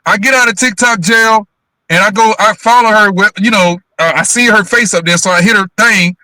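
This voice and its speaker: A man co-hosting a livestream, chatting casually and telling animated stories in which he acts out the voices of the people in them. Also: sits high, a little fast, no echo. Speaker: co-host on a livestream. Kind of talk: casual chat, animated storytelling.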